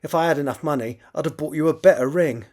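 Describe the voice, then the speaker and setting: Man playing anxious teen soldier, high and fretful. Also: quick pace, a little mellow, lightly acted. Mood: nervous. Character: nervous teenage boy soldier, high-voiced.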